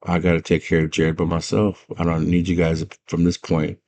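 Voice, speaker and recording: A man's voice: low voice, completely flat delivery, normal speed, a little mellow, a little hiss or hum. A man voicing a determined young heroine who sets off alone. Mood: resolute.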